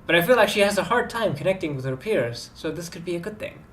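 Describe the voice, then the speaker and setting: A caring, anxious mother fretting over family and friends, read aloud by a man playing a game. The reading is soft and concerned, with a fairly lively melody. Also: high voice, quick pace, slight background noise. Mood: worried.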